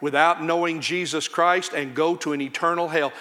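A man preaching a sermon from a church pulpit, his voice bright and a touch high. He swings between loud, soaring outcries and low, hushed warnings. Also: steady tone, moderate pace. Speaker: pastor.

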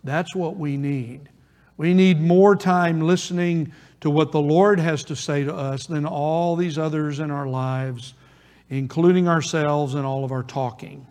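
A man preaching a sermon as pastor, earnest and emphatic, with pauses for weight. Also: fairly high pitch, fairly even intonation, darkish tone. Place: church. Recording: long reverb of a church hall.

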